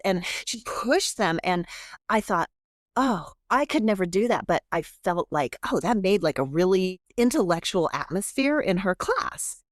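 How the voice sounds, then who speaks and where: A middle-aged woman professor, chatty and animated, often interrupting herself as she talks in a podcast interview. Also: mid-range voice, normal speed, dry recording, studio quality. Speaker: guest professor.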